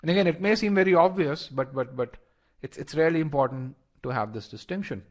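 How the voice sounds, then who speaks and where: Here the instructor talks fairly quickly in a higher-pitched voice. During his live online test-prep session he speaks directly to students, frequently repeating himself and restarting.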